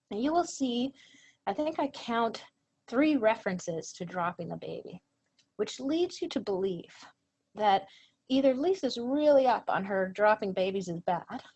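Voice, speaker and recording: A woman presenter giving an earnest lecture to a professional training audience, animated when she quotes others. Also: medium pitch, husky, rough recording.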